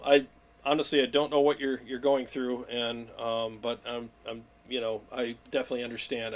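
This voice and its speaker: Guy hosting a live stream, hyped up and rambly, chatting with viewers. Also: mid-range voice. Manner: excitable, rambling, greets viewers by name. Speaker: livestream host. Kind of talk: casual livestream chat.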